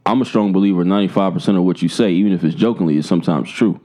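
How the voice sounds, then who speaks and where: Young man, podcast co-host, low pitch, mellow tone, animated casual chat, swears and laughs. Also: very fast.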